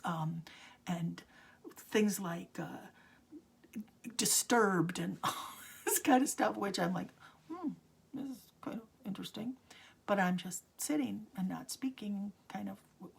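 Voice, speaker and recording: A gravelly, husky woman in her sixties tells a story from her own life. Her low voice keeps slipping into a soft, breathy whisper. The delivery feels intimate and confiding. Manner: drops often into a hushed whisper. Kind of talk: personal storytelling.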